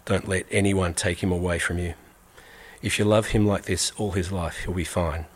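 Brief: man reading as a stern, calm, unsmiling woman social worker, low and cold. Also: normal speed.

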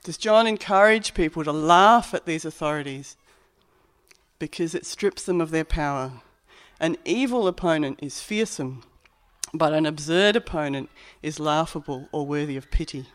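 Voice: medium pitch, normal speed, a bit bright. A preacher giving a sermon in a conversational, reflective way.

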